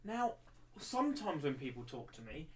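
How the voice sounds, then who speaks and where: A man's voice: fairly high pitch, big pitch swings, moderate pace, a bit bright, recorded from a distance. A man with an English accent teaching a livestreamed maths lesson, rambling with many restarts and repeated words.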